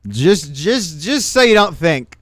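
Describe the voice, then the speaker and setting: Slangy young streamer man, animated. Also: on the high side, slow, dry recording, clean studio sound. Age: young adult. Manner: slangy, joking, exclamatory. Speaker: livestream host. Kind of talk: casual reaction stream chat.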